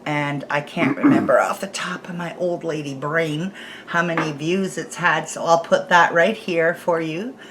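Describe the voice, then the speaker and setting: A woman's voice: deep voice, unhurried, noisy background. A woman hosting a home cooking vlog, chatting casually and laughing as she snacks. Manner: chatty, laughing, chewing while talking. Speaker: homestead channel host. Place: home kitchen. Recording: music playing under the voice. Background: background music.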